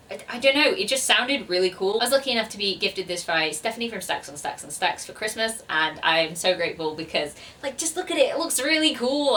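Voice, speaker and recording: A woman's voice: medium pitch, sharp tone, recorded from a distance. A woman chatting casually to camera about books on her shelves, rambling and self-deprecating. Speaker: BookTuber. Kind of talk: casual book chat to camera.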